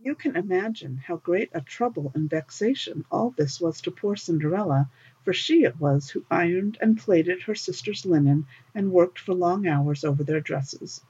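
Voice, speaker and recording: Woman narrating a storybook, lively intonation, husky and breathy, dull lo-fi sound. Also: lowish voice, moderate pace. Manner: expressive, lilting. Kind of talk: storybook reading. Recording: dull lo-fi recording.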